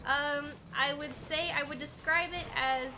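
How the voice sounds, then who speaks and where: A woman's voice: sits high, steady tone, measured pace, background noise. A woman co-hosting a casual gameplay chat, blunt and swearing freely, with many filler sounds. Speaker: co-host. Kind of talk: casual chat during a game playthrough.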